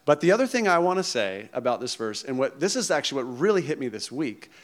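A man's voice: mid-range voice, very animated, fast talker. A male pastor preaching a conversational sermon who often checks in with the congregation. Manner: conversational, emphatic, checks in with "okay?" and "right?".

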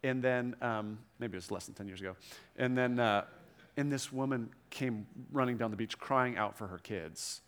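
A man's voice: medium pitch, moderate pace, fairly bright tone, smooth. A middle-aged man preaching a sermon to a room, conversational, with frequent asides and restarts. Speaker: pastor.

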